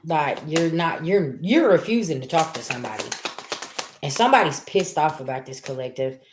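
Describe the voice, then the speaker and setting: A woman's voice: deep voice, moderate pace, echoey room, very noisy. A woman doing a casual tarot reading, talking straight to her viewers in loose, colloquial speech. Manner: colloquial, talks straight at the audience; acts out quoted people in lively voices. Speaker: tarot reader.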